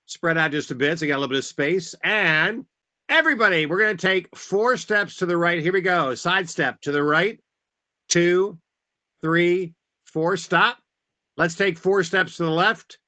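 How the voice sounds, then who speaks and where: A man's voice: high-pitched, normal speed, pushed and bright. A man leading a group line dance as event facilitator, upbeat and calling out steps and counts over a video call.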